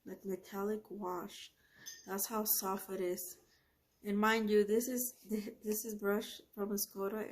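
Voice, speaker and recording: A woman's voice: mid-range voice, darkish tone. A woman hosting an art channel, casually reviewing paints as she swatches them, gushing and often trailing off mid-sentence.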